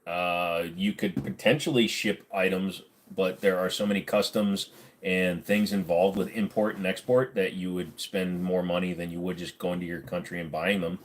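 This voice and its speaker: This male livestream host has a fairly low voice with little pitch movement and a moderate pace. On a casual stream, he reads out what viewers comment and responds bluntly and sarcastically, cursing freely.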